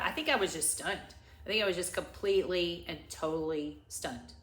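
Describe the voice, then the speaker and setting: Woman, middle-aged, crying, halting, rambling, lowish voice, echoey room. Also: fairly bright tone. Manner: halting, rambling, many restarts. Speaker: vlogger. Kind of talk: tearful personal story time.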